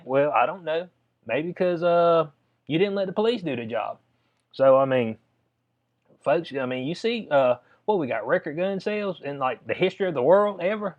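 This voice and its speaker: A man's voice: on the high side, animated, moderate pace. Casual lo-fi commentary from a man. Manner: drawling, conversational, addresses listener as "bud". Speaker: video commentator. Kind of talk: casual commentary reading a letter aloud. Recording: dull lo-fi sound.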